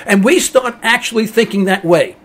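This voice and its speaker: A man's voice: high voice, normal speed, fairly bright tone. A middle-aged man hosting a talk radio show, ranting emphatically in a rambling monologue and mocking callers in a dopey voice.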